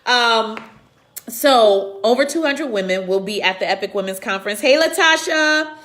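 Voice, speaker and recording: A woman's voice: on the high side, animated, normal speed, a bit bright. A woman hosting a live-streamed faith talk, speaking earnestly in a preacherly way and greeting viewers by name. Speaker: women's conference host and speaker. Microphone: computer camera mic.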